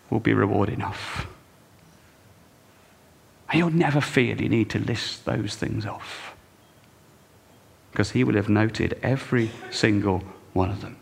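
Pastor preaching in a reverberant hall. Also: male voice, lowish voice, unhurried, creaky, pauses often, breathy edge. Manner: expressive, wry, swinging between hushed and emphatic. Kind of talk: sermon.

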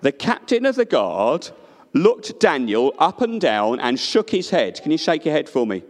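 A man telling a story to a live audience in a playful, expressive way, inviting listeners to join in. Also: fairly high pitch, moderate pace. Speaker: children's storyteller. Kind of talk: animated storytelling with audience participation. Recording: reverberant hall.

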